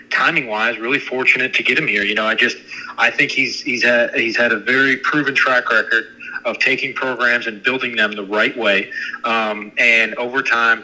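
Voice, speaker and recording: A man guesting on a sports radio show as a university athletics director, with a very bright, sharp voice at a middle pitch. He answers earnestly and haltingly, often circling back on his words. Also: poor audio. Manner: earnest, halting, repeats himself.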